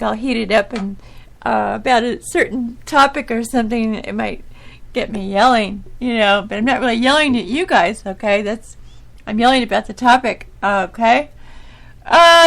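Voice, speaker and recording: A middle-aged woman talks through her own podcast in a loose, rambling way, laughing often at herself. Her voice is girlish and a touch whiny, sitting a little high, with a gravelly fry at the edges. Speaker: podcast host. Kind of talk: casual solo talk.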